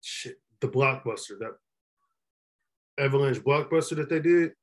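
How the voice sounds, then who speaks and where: A man's voice: medium pitch, unhurried. A man co-hosting a casual wrestling podcast, blunt and opinionated as he talks. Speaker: podcast co-host.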